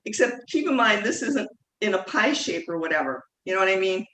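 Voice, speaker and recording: A woman's voice: medium pitch, lively intonation, fairly quick, a bit bright. A woman teaching a live online cooking class from her kitchen, talking in a chatty, rambling way full of fillers and self-corrections. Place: home kitchen. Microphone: video call mic at a distance. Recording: echoey kitchen, distant mic, faint noise.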